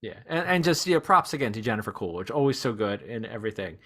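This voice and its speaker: A man's voice: fairly low pitch, quick pace. A man hosting a podcast, chatting casually with a guest and laughing often. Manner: chuckles often, relaxed and chatty. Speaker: podcast host. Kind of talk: casual chat.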